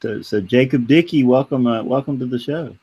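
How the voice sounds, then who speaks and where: A man's voice: mid-range voice, a little fast, mellow, husky, no echo, lo-fi sound. A man with a Southern US accent, co-hosting a casual chat, laid-back and full of "uh" fillers. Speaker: co-host.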